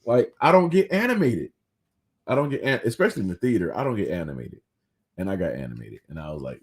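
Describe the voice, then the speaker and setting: A man with a low, deep-set voice that rises and falls widely as he talks. He co-hosts a relaxed film discussion and reads viewer comments aloud with real animation. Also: fast, husky. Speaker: podcast co-host.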